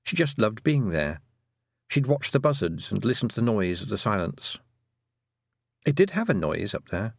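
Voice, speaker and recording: A man narrating an audiobook with gently wry, unhurried storytelling. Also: fairly low pitch, very animated, vocal fry, breathy edge, no echo, clean studio sound.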